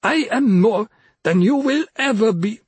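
A man reading an audiobook, voicing a proud, defiant little male forest imp in a husky voice with stately, formal speech. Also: high-pitched, animated, measured pace, dry recording, pitched above the performer's own voice, exaggerated voice.

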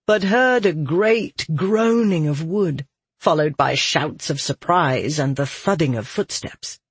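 An audiobook narrator reading a fantasy adventure in a measured, expressive storytelling manner, recorded close on a dry studio mic. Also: medium pitch, husky, no room sound.

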